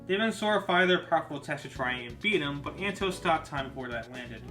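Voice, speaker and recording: A man's voice: a little high, animated, a little fast, pushed and bright, poor audio. A man narrating a fan audio drama in a plain storytelling way, with small reading slips. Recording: music bed under voice. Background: music.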